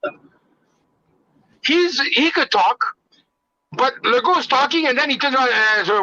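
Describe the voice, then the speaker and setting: A man's voice: extremely high pitch, animated, normal speed, pauses often, pushed and bright, dull audio. A man calling into a podcast, blunt and swearing, his phrasing broken. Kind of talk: casual heated discussion.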